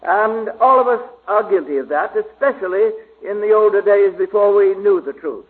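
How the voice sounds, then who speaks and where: Preacher, man, high voice, slow halting delivery, tinny lo-fi recording. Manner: slow, halting, many pauses and fillers. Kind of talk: Bible study sermon. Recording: tinny phone-like old recording.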